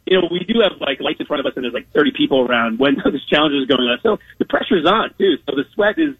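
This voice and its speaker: A man's voice: on the high side, animated, quick pace, breathy edge, no echo. A man, a guest on a radio show, telling stories in a loose, chatty way with lots of laughs and fillers. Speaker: guest, TV food challenge host. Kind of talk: casual radio interview. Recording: dull lo-fi phone-in sound.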